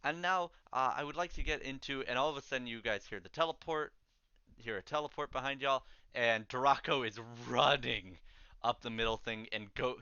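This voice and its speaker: A man's voice: medium pitch, normal speed, pushed and bright, clean tone, dry recording, highs cut off. A man narrating a tabletop game as game master, casual and rambling with many fillers.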